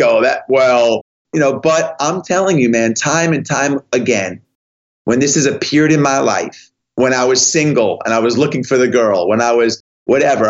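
Animated man telling a story, lo-fi audio. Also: on the high side. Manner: animated, acts out dialogue in voices. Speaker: guest. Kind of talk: storytelling interview talk. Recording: slightly dull lo-fi audio.

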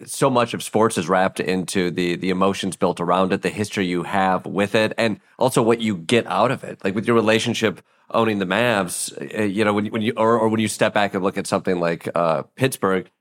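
A young man from the Midwest, co-hosting with a wry, joking manner in casual conversation. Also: on the low side. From Midwest, USA. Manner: wry, joking, fast riffs. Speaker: co-host.

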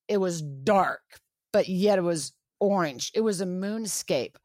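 A woman's voice: on the low side, dry recording, clean studio sound. A middle-aged woman, a guest on an interview show, speaking earnestly and with emphasis, often restarting her phrases. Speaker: author and guest. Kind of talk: radio interview.

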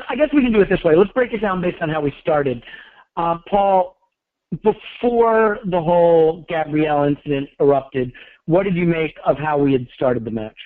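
A man's voice: fairly high pitch, dry recording. A man hosting a podcast in a wry, joking manner, calling in on his phone. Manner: wry, joking, self-deprecating. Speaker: podcast host. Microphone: cell phone call-in. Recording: tinny phone line.

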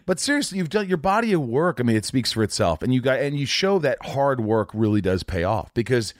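A man in his forties hosts a loose, casual chat from his home, teasing his guests and then gushing over them. His voice sits at an ordinary pitch. The sound is close and dry. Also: sing-song, a little fast, dry recording. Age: 40s. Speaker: podcast host.

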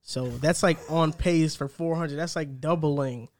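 A man's voice: fairly high pitch, steady tone, a little slow. A young man hosting a casual sports podcast, chatty and upbeat, rambling a little as he talks. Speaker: podcast host.

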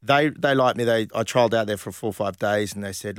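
A man's voice: fairly low pitch, quick pace, smooth, no room sound, studio quality. An Australian man in his fifties, a former footballer, telling casual stories in an interview with lots of fillers and restarts. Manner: animated anecdotes with many fillers and restarts. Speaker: guest, former professional footballer.

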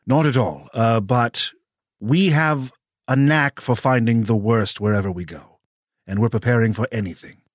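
A man's voice: mid-range voice, no room sound, studio quality. A man speaking as his character in a tabletop game, careful and a little formal. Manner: measured, careful, slightly formal. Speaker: player. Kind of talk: tabletop role-play in character.

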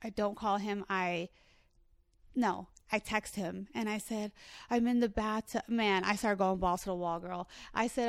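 Profane, animated woman comedian, dry sound. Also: mid-range voice, a little slow, dry recording. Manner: profane, animated storyteller acting out her own calls. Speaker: guest comedian. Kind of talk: casual storytelling chat.

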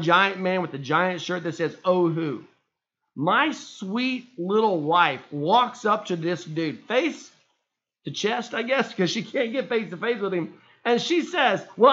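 Animated male sports podcast host. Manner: animated storyteller, gets loud and high when excited. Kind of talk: casual sports podcast chat. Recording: muffled lo-fi sound.

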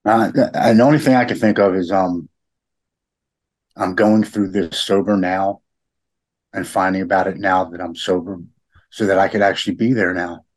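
A middle-aged man with a halting, heartfelt way of talking, often repeating words as he opens up in a personal conversation. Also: sits low, fairly even intonation. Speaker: podcast guest.

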